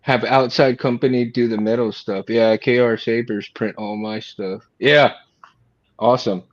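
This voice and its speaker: A man's voice: mid-range voice, steady tone, a little slow, muffled recording. A man who builds lightsabers, chatting casually and hesitantly on a livestream video call. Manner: hesitant, many fillers. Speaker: lightsaber maker.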